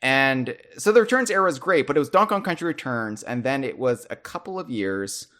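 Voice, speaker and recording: A young American man hosting a podcast, talking casually and excitedly with frequent restarts and repeated words. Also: medium pitch. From United States. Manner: animated, often halting, restarting and repeating words. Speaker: podcast host. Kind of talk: casual chat.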